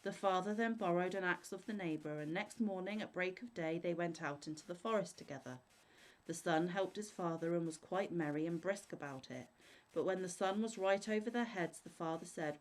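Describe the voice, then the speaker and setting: A woman reading fairy tales aloud in a steady, measured way. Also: on the low side, poor audio. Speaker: storyteller.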